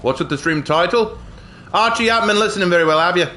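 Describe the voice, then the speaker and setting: Male streamer, playful fake British accent, bright and bouncy delivery, high voice. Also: fast talker, a little hiss or hum. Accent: put-on British. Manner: playful, hammy mock-British slang. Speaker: game streamer. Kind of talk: gaming livestream commentary.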